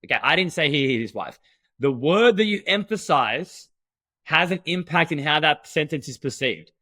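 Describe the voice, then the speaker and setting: A man co-hosting a podcast, talking in an energetic, emphatic teaching tone. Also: a little high, moderate pace, dry recording. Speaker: podcast co-host. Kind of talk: conversational podcast talk.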